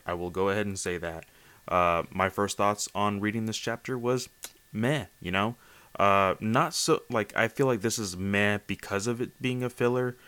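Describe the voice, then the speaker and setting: A man's voice: lowish voice, fairly bright tone, dry recording. A man hosting a casual solo manga review podcast late at night, tired and slightly slurring, rambling with lots of fillers and restarts. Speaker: podcast host.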